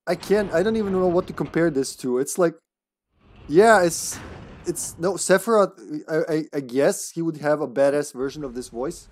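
A man's voice: fairly high pitch, normal speed. A man streaming a horror game live, commenting casually, often stammering, swearing and laughing.

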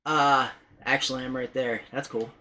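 A man's voice: mid-range voice, little pitch movement, normal speed, pushed and bright, low-quality recording. A man vlogging casually about paranormal recordings, rambling and hesitant, with many restarts and some swearing. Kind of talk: casual vlog talk.

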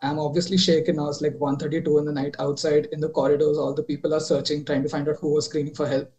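Young man, mellow, higher voice, rambling storyteller with fillers, on a video call. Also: flat delivery, fast, low-quality recording. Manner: rambling, many fillers and restarts, drops quieter while retelling. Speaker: caller telling a ghost story.

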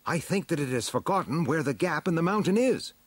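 A man's voice: on the high side, animated, brisk, slightly rough, no echo, pitched above the performer's own voice. A man voicing a heroic, commanding leader, giving orders in a raised voice for a storybook reading.

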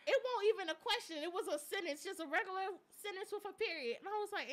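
A woman's voice: very high voice, animated, fast talker, fairly bright tone. A young woman co-hosting a live chat stream, telling stories in a chatty way with slang and frequent laughter. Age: young adult. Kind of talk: casual chat.

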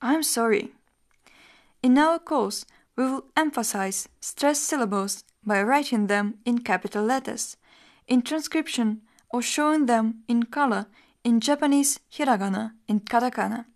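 A woman teacher reading a scripted lesson in an even, measured explanatory tone. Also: on the high side. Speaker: language teacher.

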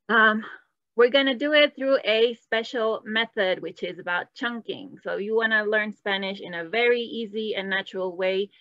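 A woman's voice: mid-range voice, dry recording. A woman teaching a live online Spanish class, switching between English and Spanish and quizzing the chat. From Latin America. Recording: dull, slightly lo-fi dry sound.

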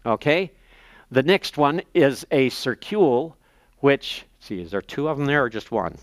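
Man teaching at a slow, careful pace. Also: medium pitch, sing-song, dry recording. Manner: slows down to spell out terms and page references; thinks aloud while searching his notes. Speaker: seminary professor. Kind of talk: classroom lecture.

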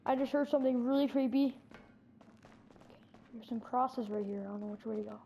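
A woman's voice: fairly high pitch, fairly quick, pauses often, highs cut off, a little hiss or hum. A woman playing through a scary game story, reacting breathlessly with lots of exclamations. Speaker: player acting out a scary game movie. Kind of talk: improvised game role-play narration.

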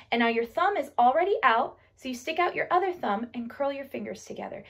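A young woman teaching nursery rhymes to children in a playful, sing-song way, with sudden squeals and hushed whispers. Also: a little high, brisk. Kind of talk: nursery rhyme lesson with hand motions.

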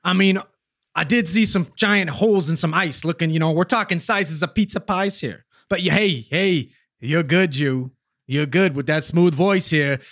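A man's voice: fairly high pitch, normal speed, no echo, clean studio sound, natural voice. A man voicing a tough-talking New Jersey wise guy witness with a streetwise, swearing manner and a New Jersey accent. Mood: suspicious. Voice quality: brash, streetwise, swears, rising excited outbursts.

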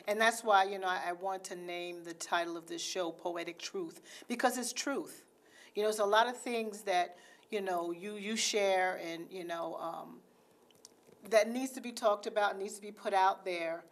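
A woman's voice: medium pitch, normal speed. A woman hosting an interview, asking questions in a rambling way, full of "you know.". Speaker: host.

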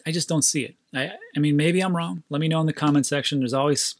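A man hosting his own channel, talking in a quick, excitable rant straight to his viewers. His voice sits a little high for a man and sounds dry and close, with no room echo. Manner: excitable, ranting, talks to viewers directly. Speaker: crypto channel host. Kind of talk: casual commentary monologue.

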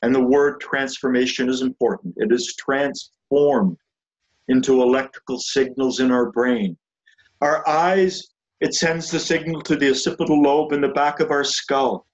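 Slow, reflective man teaching. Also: mid-range voice, steady tone, muffled recording. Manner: slow, reflective, with frequent restarts. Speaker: group leader teaching spiritual ideas. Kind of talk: unscripted talk with read-aloud passages. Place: a room with chairs and a sofa.

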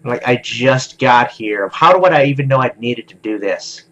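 A young man gives let's play commentary in a calm, even voice of middle pitch. He talks mostly to himself, trailing off and restarting with constant "okay"s as he works things out. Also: normal speed, highs cut off. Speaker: gaming video host.

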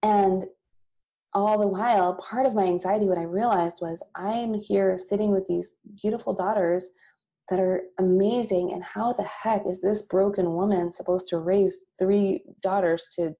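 A woman in her thirties, a company founder and podcast guest, telling a candid personal story with bursts of laughter and animated asides. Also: medium pitch, moderate pace. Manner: emotional, laughs often, quotes God in animated asides.

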